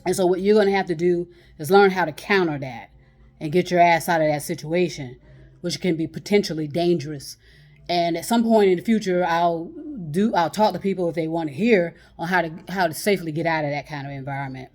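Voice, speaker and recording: A woman with a fairly low voice talks straight to her viewers without a script. She rambles from thought to thought, blunt and profane, often breaking into a laugh before going on. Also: fairly quick, darkish tone. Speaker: channel host giving communication tips. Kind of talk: unscripted casual monologue.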